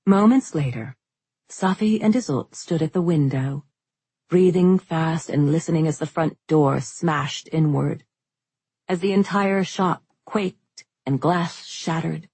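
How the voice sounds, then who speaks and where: A woman narrating a fantasy novel as an audiobook, in steady, unhurried storytelling. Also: deep voice, husky, dry recording.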